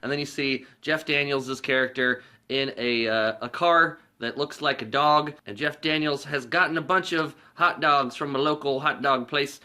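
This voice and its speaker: A man's voice: mid-range voice, moderate pace, few pauses, bright, forceful tone, faint music behind. A man hosting a casual movie review vlog, recapping scenes in a rambling, profane way and laughing along.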